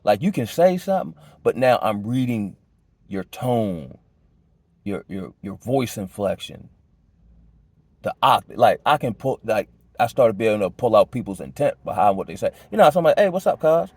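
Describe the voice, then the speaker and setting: A man giving a casual personal testimony, talking loosely in street slang with many restarts, his pitch jumping high when he gets worked up. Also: lively intonation, moderate pace, a little mellow, no echo. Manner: conversational, loose street slang, many restarts and "you know what I'm saying"; emotional, pitch jumps high when agitated.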